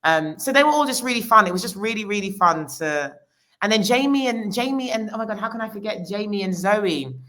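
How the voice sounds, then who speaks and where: A woman's voice: medium pitch, animated, a little fast, fairly bright tone. A woman, a costume designer talking casually in an interview, with many restarts. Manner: chatty, many restarts and fillers.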